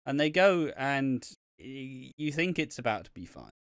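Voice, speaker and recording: A man's voice: mid-range voice, very animated, a little slow, clean tone, no room sound, studio quality. A man co-hosting a podcast, chatting casually and swearing a lot as he recaps a soap, often acting out the characters' lines. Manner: sweary, laughing, acts out quotes in voices. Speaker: podcast co-host.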